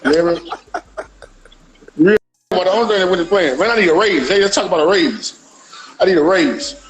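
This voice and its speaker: Brief: quick, high-pitched man, loose rambling banter over faint music. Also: rough recording. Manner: rambling, repeats "you hear me". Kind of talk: casual banter.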